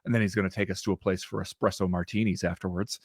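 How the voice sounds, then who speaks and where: Animated American man telling travel stories. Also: low voice, fast talker, breathy edge, no echo, clean studio sound. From United States. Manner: animated storyteller, swears casually. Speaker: podcast co-host. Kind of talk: casual chat.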